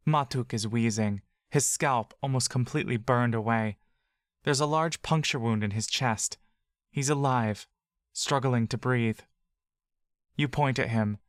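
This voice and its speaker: An audio drama narrator reading scripted fantasy narration in the second person, slow and measured. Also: medium pitch, no echo, clean studio sound.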